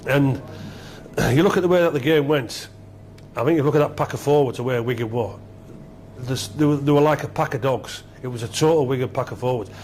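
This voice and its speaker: A middle-aged man, a former rugby captain being interviewed, telling stories excitedly and repeating himself. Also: mid-range voice, a little fast, slight background noise. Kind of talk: animated storytelling interview.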